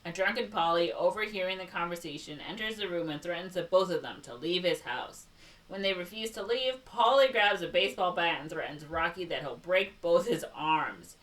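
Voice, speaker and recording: A woman's voice: lowish voice, lively intonation, moderate pace, fairly bright tone, far from the mic, poor audio. Chicago woman recapping a movie, a bit off-mic. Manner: reads a plot summary aloud with sarcastic asides and laughs. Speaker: podcast co-host. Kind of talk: casual movie recap podcast.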